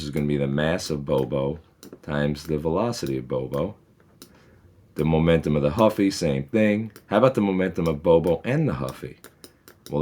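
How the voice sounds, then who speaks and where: Very deep-voiced man teaching physics slowly. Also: warm tone. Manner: patient, methodical explaining with reassuring asides. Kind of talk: recorded lesson walking through problems.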